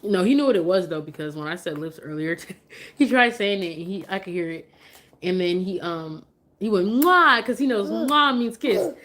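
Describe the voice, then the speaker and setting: Chatty, emotional woman, slightly low voice. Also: animated, normal speed. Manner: chatty and emotional, switching to sing-song coaxing with her toddler. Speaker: mother live-streaming at home. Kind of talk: casual live-stream chat.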